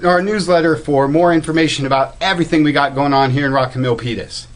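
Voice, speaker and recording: A man's voice: on the high side, steady tone, fairly quick, few pauses. A man hosting a weekly new-release rundown for his comic book store, upbeat and enthusiastic, with frequent "uh" fillers. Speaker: comic shop host.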